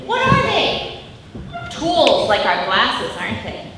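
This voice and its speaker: A woman's voice: high-pitched, huge pitch swings, slow pace. A woman in her thirties, a mother speaking to schoolchildren in a school hall. She tells stories and keeps asking the children questions. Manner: interactive, asks the children many questions. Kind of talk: storytelling talk to schoolchildren. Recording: echoey hall from far off, faint noise.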